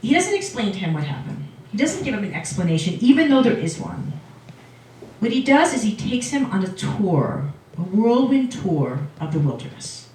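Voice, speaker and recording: A woman rabbi giving a casual, lively lecture, retelling a story to an audience. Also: medium pitch, normal speed. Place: lecture room. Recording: echoey hall from far off.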